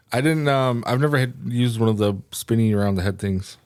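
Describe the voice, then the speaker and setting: A man's voice: medium pitch, moderate pace, darkish tone, clean tone, dry recording. A man co-hosting a podcast with a slight lisp, chatting in an upbeat way and laughing often. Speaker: podcast co-host. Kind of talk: casual chat.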